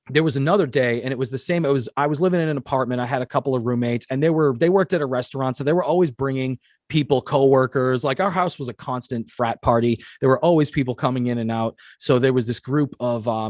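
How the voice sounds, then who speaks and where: A man hosting a casual interview, telling stories in an animated way, acting out quotes and swearing freely. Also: mid-range voice, fairly quick, no room sound, clean studio sound. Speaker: host.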